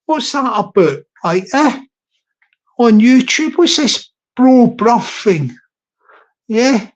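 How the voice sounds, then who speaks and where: A man's voice: very high voice, very animated, slow pace. A middle-aged man with a Scottish accent chats loosely to his live-stream audience. He digresses and restarts his sentences. The audio sounds a little muffled and lo-fi. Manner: rambling and digressive, with frequent restarts. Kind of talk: casual live-stream chat. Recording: slightly dull lo-fi recording.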